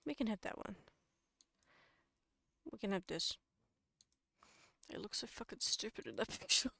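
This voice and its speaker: An Australian woman streamer giving a casual lecture to her chat, chatty and quick to laugh at and correct her own slips. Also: medium pitch, expressive, vocal fry, bright, forceful tone, husky, dry recording, studio quality.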